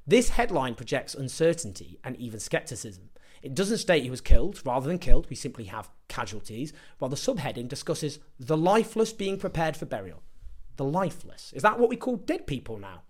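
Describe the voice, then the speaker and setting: A man's voice: mid-range voice, big pitch swings, fairly quick, breathy edge. A man giving an impassioned political commentary, sarcastic and emphatic as he builds his points.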